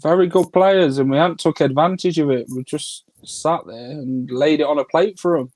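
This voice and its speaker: A man's voice: a little high, moderate pace, a little mellow, no echo, rough recording. Passionate male football fan, dry sound. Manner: passionate, urging, storytelling. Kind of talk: casual live watchalong chat.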